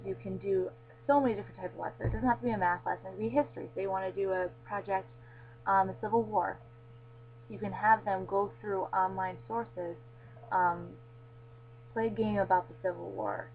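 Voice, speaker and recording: A woman walking through a web tool in a casual screencast tutorial, filling pauses with frequent ums. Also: medium pitch. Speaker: tutorial presenter. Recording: tinny lo-fi mic with faint hum.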